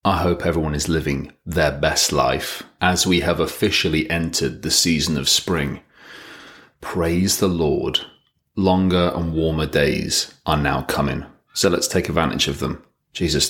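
A man's voice: rumbling low, steady tone, normal speed, a bit bright. A man in his thirties hosting a solo podcast, chatting in a wry, rambling way. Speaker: podcast host. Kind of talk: casual solo podcast monologue.

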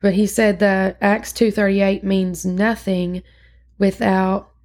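A woman's voice: medium pitch, level tone, slow, darkish tone. A woman podcast host recapping a church sermon in casual, earnest chat, with frequent fillers and restarts.

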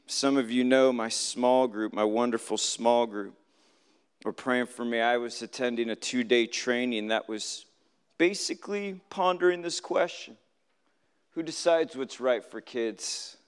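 A man's voice: medium pitch, measured pace, clean tone. A man giving a conversational Shabbat sermon, telling stories from his week, acting out what people said and putting questions to the congregation. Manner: storytelling, acts out quoted voices, asks the audience questions. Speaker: preacher giving a Shabbat teaching. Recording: live hall recording with long reverb.

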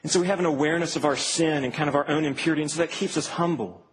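A man preaching to students in an earnest, emphatic way, his voice sitting high for a man. He swings between hushed, slowed lines and raised, stressed ones. A faint background hum stays underneath. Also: low-quality recording. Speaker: campus ministry preacher. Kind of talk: sermon.

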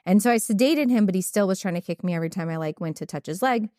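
A woman's voice: medium pitch, animated, fast, mellow, no echo, studio quality. A woman veterinarian telling candid stories in casual conversation, with many fillers. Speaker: podcast host, veterinarian.

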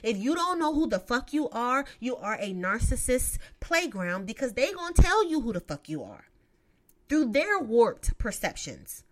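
Woman vlogger, aave, cussing and sassy, kinda high voice that jumps all over. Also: sing-song, normal speed, fairly bright tone. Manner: profane, emphatic, sassy asides. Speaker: vlogger giving relationship advice. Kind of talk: casual advice monologue.

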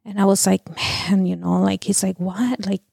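A middle-aged woman telling her own painful story as an interview guest, halting and full of restarts and fillers. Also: medium pitch, little pitch movement, vocal fry, a little mellow, no echo, studio quality. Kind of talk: emotional personal testimony.

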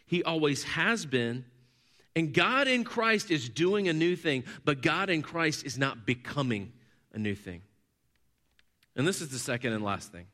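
A man preaching a sermon, telling stories and building his points through repetition, moving between loud emphasis and hushed low passages. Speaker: pastor.

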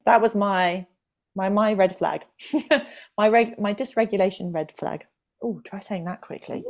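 A woman's voice: mid-range voice, unhurried, darkish tone. A woman co-hosting a casual podcast, chatty and self-deprecating as she tells stories. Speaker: podcast co-host.

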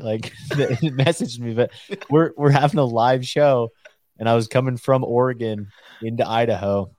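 A man's voice: medium pitch, moderate pace, a little mellow, dry recording. A man in a casual fishing chat, telling an easygoing story about getting pulled over. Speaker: a show regular.

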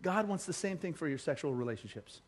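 A middle-aged man from Colorado, a pastor giving a sermon, telling funny stories and then dropping to a soft, earnest tone. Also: fast talker. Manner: humorous storytelling, energetic, drops low and soft for earnest appeals.

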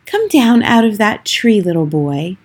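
A woman's voice: mid-range voice, sing-song, unhurried, husky, voice pushed up. A coaxing, sinister witch, as a woman reader puts her on. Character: sinister smiling witch disguised as a lady.

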